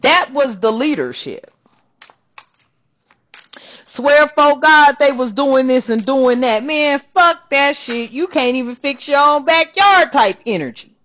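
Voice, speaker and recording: Woman, spiritual vlogger, card reader, blunt, profane, fired-up rant, slightly high voice. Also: expressive, unhurried, a bit bright. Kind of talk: casual ranting vlog with card reading.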